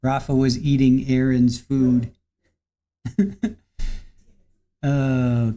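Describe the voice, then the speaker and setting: A relaxed livestream host with a dark, mellow, middling-pitched voice chats through viewer comments at a normal speed. The talk stays loose and easygoing, with small chuckles between remarks.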